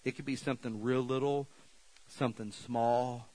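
A man preaching a sermon as pastor, folksy and casual, swinging between fired-up exhortation and quiet prayer. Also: medium pitch, moderate pace, no room sound, low-quality recording. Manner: animated, rising to shouted exhortations, then quiet prayer. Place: church sanctuary.

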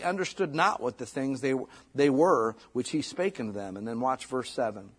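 Middle-aged pastor, husky voice, casual conversational preacher who slows down to read old scripture. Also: male voice, medium pitch, animated. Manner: casual, conversational preaching with frequent "like" and "you know"; reads scripture in slow, deliberate King James cadence. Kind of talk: sermon.

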